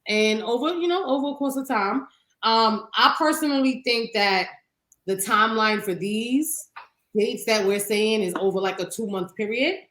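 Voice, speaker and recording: A woman co-hosting a podcast, chatting casually in an animated, profane way and laughing often. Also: fairly high pitch, normal speed, echoey room, rough recording. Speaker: podcast co-host. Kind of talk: casual chat.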